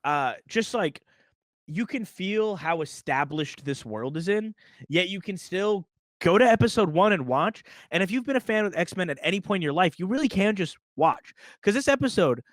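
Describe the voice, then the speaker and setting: Relaxed young man, slightly high voice. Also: moderate pace, no echo. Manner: relaxed, enthusiastic, chuckling. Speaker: podcast co-host. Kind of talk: casual chat.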